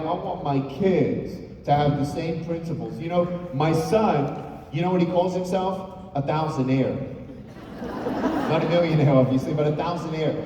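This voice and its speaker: A man's voice: on the high side, noisy background. A man giving a storytelling motivational speech to a live audience, full of rhetorical questions, recorded in an echoey hall from far off. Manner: animated, uses rhetorical questions. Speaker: motivational speaker. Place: large hall on stage.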